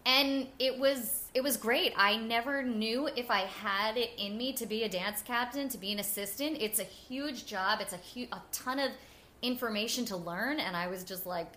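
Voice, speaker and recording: A young woman with a bright, clear voice set a little high. She tells her stories in a casual interview, animated and chatty, with lots of "like". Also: normal speed, slight background noise. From New Jersey. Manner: animated and chatty, with frequent "like" and laughter. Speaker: guest.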